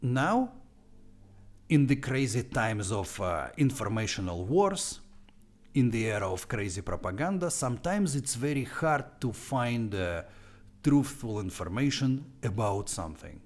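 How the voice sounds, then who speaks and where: A man's voice: mid-range voice, sing-song, a little slow. A young man with a Russian accent, chatting informally on his live stream and dropping in Russian words. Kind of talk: casual live stream chat.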